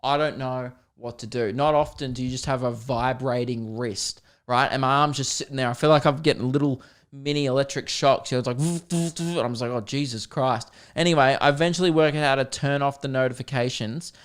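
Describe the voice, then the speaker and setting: A young man hosting a podcast, ranting comically with lots of swearing, laughing and loud exasperated outbursts. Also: mid-range voice, steady tone, fairly quick, few pauses, smooth. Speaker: podcast host. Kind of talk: comedic rant.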